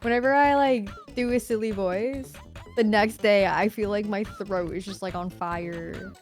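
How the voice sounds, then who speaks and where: A woman co-streamer chatting casually, excitable, swearing and laughing a lot. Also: medium pitch, unhurried, faint music behind. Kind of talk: casual chat on a livestream.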